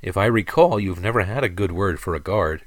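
Wry middle-aged merchant, read by a man, deep and commanding. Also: expressive, brisk, no echo.

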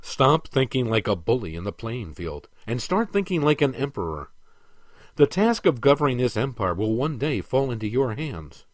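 A man reading the part of a stern aging emperor who lectures and commands with measured authority. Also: medium pitch, sing-song, no echo, clean studio sound, natural voice.

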